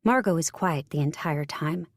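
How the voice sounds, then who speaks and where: Low-voiced woman narrating an audiobook. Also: normal speed, dry recording, clean studio sound. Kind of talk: first-person audiobook narration.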